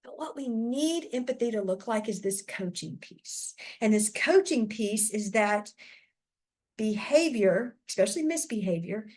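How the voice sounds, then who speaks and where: A woman who trains teachers, giving a chatty, animated lesson talk and speaking straight to her listeners. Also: medium pitch, a little slow.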